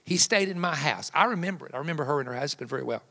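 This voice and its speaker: A man in his fifties, a guest evangelist preaching a sermon with folksy, joking personal stories that build to loud emphatic peaks. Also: on the high side, animated, very fast, creaky. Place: church sanctuary. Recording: long hall reverb in a church.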